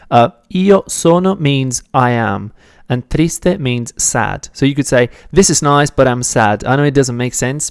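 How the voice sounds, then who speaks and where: A man's voice: medium pitch, clean tone, no echo, studio quality. A man teaching a beginner language lesson, patiently explaining step by step and correcting his own slips. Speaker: Italian teacher.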